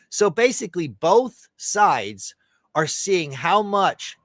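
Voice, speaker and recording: Profane ranting man, lively pitch. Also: slow pace, no echo. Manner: profane, sarcastic, acts out quoted voices. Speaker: show host. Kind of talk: ranting political commentary.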